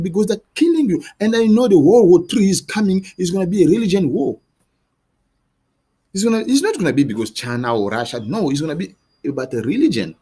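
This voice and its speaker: Man, high and husky, talking straight to camera in a heated, pleading rant. He swings his pitch widely and stumbles over restarts. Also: warm tone. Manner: heated, pleading, repetitive questioning; halting restarts and repeated words. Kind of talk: impassioned monologue to camera.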